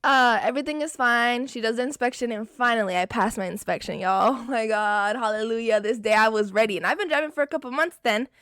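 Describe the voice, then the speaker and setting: A young woman vlogger telling a storytime in casual, expressive chat, often swearing. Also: on the high side, fast talker, few pauses, clear, resonant tone, dry recording, clean studio sound. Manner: animated, expressive and profane.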